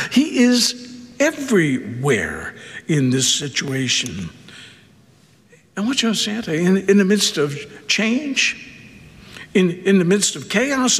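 A man preaching a sermon, talking conversationally, with dramatic swings from loud emphasis down to a hushed near-whisper. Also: high voice, creaky, big-room sound. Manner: conversational asides and repetition. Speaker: pastor.

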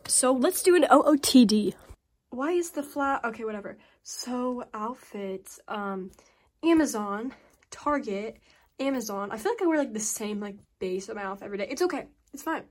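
While making bracelets, a woman vlogger chats casually with her viewers, rambling with plenty of fillers and self-deprecating asides. Her voice is a little high and darkish, animated, at a moderate pace.

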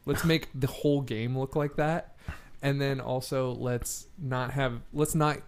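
A man co-hosting a podcast in relaxed casual chat, explaining things with frequent restarts. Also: medium pitch, measured pace, clean tone. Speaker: podcast co-host.

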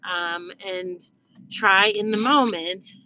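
A woman's voice: medium pitch, slow. Middle-aged woman, casual reflective vlogger, chatty with fillers; slightly muffled, faint noise behind. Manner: chatty, many fillers and restarts. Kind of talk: casual reflective talk to viewers.

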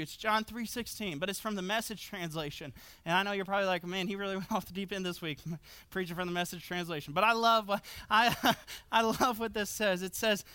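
A man's voice: high-pitched, bright, forceful tone, clean tone, no echo. A man preaching a sermon as pastor to his congregation, earnest, repeating key phrases with light laughs. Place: church with congregation.

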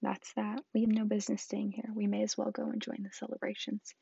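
A calm, wise old wizard from a storybook who speaks in a measured, gently wry way, as a woman reads him. The voice is husky and gravelly, kept in a dry, dull recording. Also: mid-range voice, no room sound, full character voice. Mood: resigned. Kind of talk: storybook reading.

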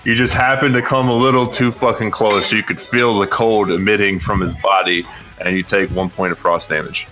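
A man's voice: fairly low pitch, fairly even intonation, normal speed, bright, forceful tone, soft background music. A man narrating a tabletop role-playing game as game master in a loose, profane style, often laughing.

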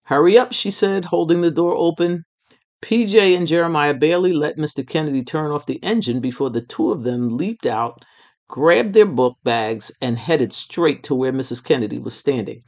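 A storyteller reading a children's book aloud in an expressive, measured way. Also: medium pitch.

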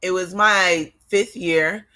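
Bright-voiced young woman with Jersey accent. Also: fairly low pitch, fairly even intonation. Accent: New Jersey. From New Jersey. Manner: candid, confessional, drawn-out ums and restarts. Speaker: podcast host. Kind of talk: casual solo podcast monologue.

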